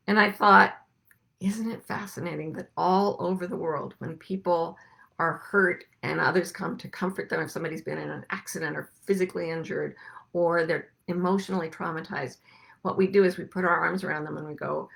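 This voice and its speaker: A middle-aged woman hosting a reflective spiritual talk, speaking gently and musing, slowing down to stress her points. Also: on the low side, creaky. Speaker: podcast host and life coach.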